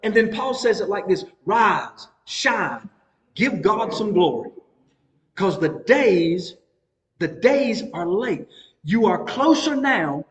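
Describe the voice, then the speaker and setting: A man's voice: sits high, sing-song, slow, in a large hall. A middle-aged man, teaching a Bible study in a folksy, conversational preaching style. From North Carolina. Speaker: pastor.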